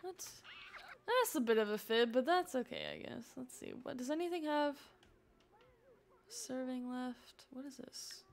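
A young woman chatting through her gameplay on a live stream, excitable and gushing, often talking to the game characters. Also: high voice, a little slow, long pauses.

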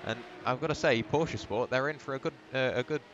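A man calls a sim race in a steady, conversational way and keeps the play-by-play flowing. A clear noise bed runs under his voice. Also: mid-range voice, fairly quick, lo-fi sound. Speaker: lead commentator. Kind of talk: sim racing commentary.

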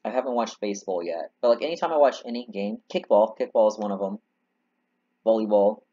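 A man's voice: lowish voice, fairly quick, warm tone, breathy edge. Chatty man rambling over a game. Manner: chatty, rambling, self-mocking. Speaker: let's play host. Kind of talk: casual game commentary. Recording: slightly muffled, faint hiss.

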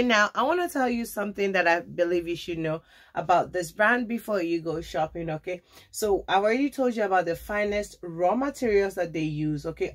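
A young woman vlogger gushing over a sponsored coat as she unboxes it, calling viewers honey and tagging her sentences with okay. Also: mid-range voice. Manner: tags many phrases with okay. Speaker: fashion vlogger. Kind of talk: sponsored product review and unboxing.

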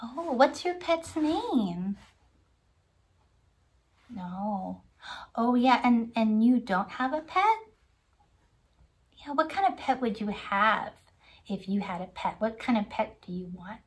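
A woman's voice: on the high side, expressive, slow pace, long pauses. A woman leading a children's Sunday school lesson, coaxing young viewers to sing along and making animal sounds. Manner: makes animal sounds and gasps of surprise.

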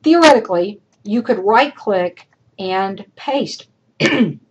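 A woman college instructor giving recorded feedback to her students. She talks directly and chattily, repeating her points for emphasis, and her voice is going hoarse. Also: medium pitch, expressive, slow, darkish tone, highs cut off. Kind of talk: recorded lecture feedback over screen demo.

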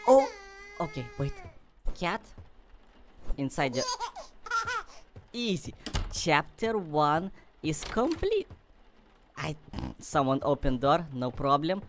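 Excitable woman narrating gameplay, wildly swooping. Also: low voice, slow, pauses often, background noise. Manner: excitable, talks to viewers, simple non-native phrasing. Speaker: gaming video host. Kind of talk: gameplay commentary.

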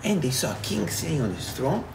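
A man, a rabbi, retelling a parable in a sermon, animated and repetitive. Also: on the high side, fairly quick, vocal fry, noisy background. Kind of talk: sermon storytelling.

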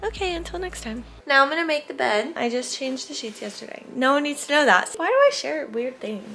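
A woman's voice: high voice, lively intonation, fairly quick, a bit bright, soft background music. A young woman in a casual at-home vlog, rambling chattily with lots of "like" and "literally". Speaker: vlogger.

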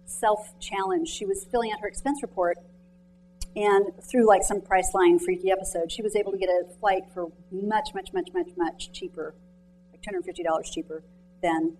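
A woman author giving a motivational talk to students and mentors in a lecture room, telling stories in a chatty, animated way and quizzing the audience directly. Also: mid-range voice, a little hiss or hum, low-quality recording. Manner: chatty, animated storytelling with many "like"s.

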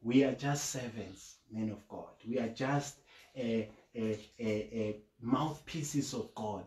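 A man preaching at home in an echoey room. His voice sits in a middle pitch, measured and earnest. He pushes to emphatic peaks on key points. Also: a little mellow. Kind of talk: sermon.

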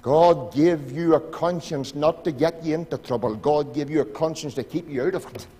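A Northern Irish pastor preaching a sermon in a church, pleading with his congregation and swinging from loud appeals to hushed asides. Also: a little high, normal speed, breathy edge. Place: church sanctuary. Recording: church hall reverb.

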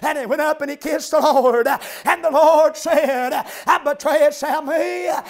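A man preaching an old-time revival sermon, chanting his lines with "uh" breaks, shouting amens and hallelujahs. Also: very high-pitched, steady tone, moderate pace.

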